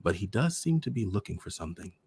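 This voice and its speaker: A man hosting a storytime show, reading a short story aloud in a measured, deliberate way. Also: sits low, big pitch swings, darkish tone, a little hiss or hum. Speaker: storyteller host.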